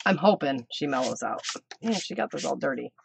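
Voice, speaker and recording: A woman's voice: very deep voice, expressive, brisk, creaky, slight background noise. A middle-aged woman chatting on a casual craft live stream, teasing her dog and laughing often. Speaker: craft channel host.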